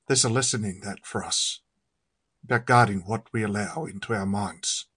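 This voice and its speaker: A man, preaching a conversational sermon and then leading a prayer, often pausing on fillers. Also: lowish voice, a bit bright, slightly rough, no room sound, studio quality.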